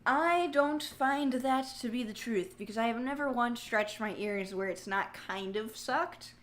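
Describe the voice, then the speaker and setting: A woman's voice: on the high side, measured pace, a bit bright. Chatty young woman streaming casually. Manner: chatty, reads out and answers viewer comments; laughs easily, jokey asides. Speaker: livestream host. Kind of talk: casual livestream chat.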